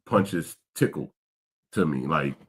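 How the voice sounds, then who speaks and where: A man and father co-hosting a casual podcast, telling animated, profane stories about his family. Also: a bass voice, slow, husky. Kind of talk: casual chat.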